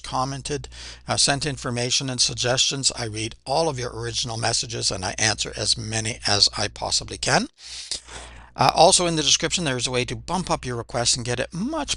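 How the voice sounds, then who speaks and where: A gravelly-voiced Canadian man hosts a music reaction video, chatting casually and thinking out loud with plenty of "uh" fillers. His tone is bright and forward, and the recording is dry and close, with no room echo. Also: mid-range voice. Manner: chatty and reflective, with frequent "uh" fillers.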